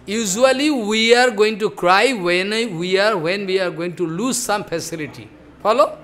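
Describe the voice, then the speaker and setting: A man's voice: sits high, normal speed, fairly bright tone. A man giving a devotional sermon, emphatic and questioning, often checking with "follow?". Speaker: spiritual teacher.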